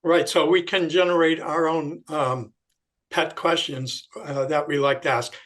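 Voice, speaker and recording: Man, interviewer, somewhat high voice, measured, thoughtful questions. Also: fairly even intonation, fairly bright tone. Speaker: interviewer, host.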